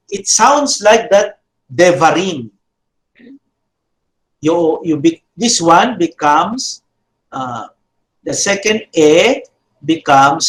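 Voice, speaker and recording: A middle-aged man teaches a class, his fairly high voice unhurried and full of pauses and fillers. He drills examples by repeating them over and over. His voice echoes around the room. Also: fairly bright tone. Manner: slow, halting explanation with frequent fillers and repeated drills. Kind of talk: classroom lecture.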